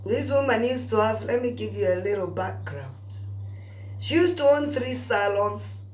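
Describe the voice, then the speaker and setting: A woman's voice: mid-range voice, expressive, normal speed. A woman telling a long story in a chatty, gossipy way, speaking to her viewers. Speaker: vlogger. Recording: roomy echo.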